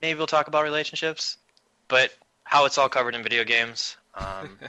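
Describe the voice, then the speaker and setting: A man's voice: medium pitch, animated, normal speed, bright, forceful tone, clear, resonant tone, no echo, rough recording. A man hosting a casual podcast chat, upbeat and jokey, telling loose stories on a close mic. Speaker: podcast host.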